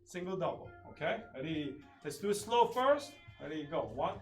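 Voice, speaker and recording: Taekwondo instructor shouting kick counts. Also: male voice, fairly high pitch, sing-song, normal speed, few pauses, distant mic, loud music behind the voice. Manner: coaching commands, loud kiai shouts. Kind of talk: live online class instruction. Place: training studio.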